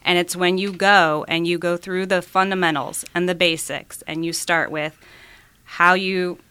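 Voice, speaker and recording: A woman's voice: lowish voice, flat delivery, unhurried, bright, forceful tone, smooth. A woman co-hosting a casual chat, explaining her points in an earnest way. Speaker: podcast co-host.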